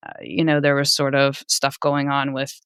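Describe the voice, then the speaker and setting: A woman in her thirties, a podcast guest, telling a personal story in an animated way, laughing often and jumping high when she quotes people. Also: moderate pace, clean tone, no echo, clean studio sound.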